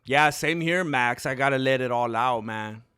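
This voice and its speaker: A man hosting a casual livestream, chatting in a rambling, excitable way and calling viewers dude and bro. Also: medium pitch, moderate pace, clean tone, faint music behind. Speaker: streamer host.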